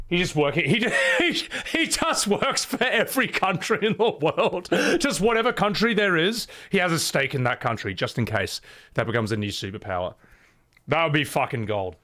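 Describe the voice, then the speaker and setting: Animated male game streamer. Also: fairly high pitch, normal speed. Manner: animated, laughing, profane and rambling. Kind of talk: live game reaction commentary.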